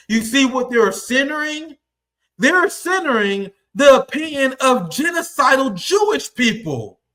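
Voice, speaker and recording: A man's voice: very high-pitched, pushed and bright. A young man giving heated, profane political commentary, combative and mocking as he reacts to clips.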